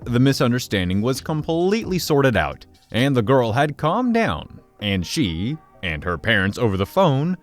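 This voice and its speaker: A man reading Reddit stories aloud in a lively, expressive way. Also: mid-range voice. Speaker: story narrator.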